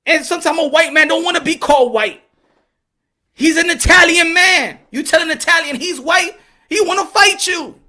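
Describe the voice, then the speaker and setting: His voice sits extremely high as he hosts a boxing channel, preaching his passionate commentary. He mixes Spanish with English and breaks into shouts whenever his emotions flare.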